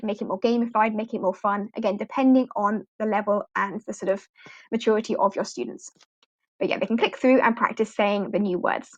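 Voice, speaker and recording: A woman's voice: a little high, dull audio. A woman walking teachers through online lesson slides in a chatty, practical way. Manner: chatty, practical, models prompts for students. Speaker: ESL teacher trainer. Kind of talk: instructional screen walkthrough.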